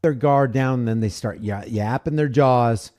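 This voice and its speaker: A man in casual commentary, talking in a deliberate and critical way. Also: mid-range voice, darkish tone.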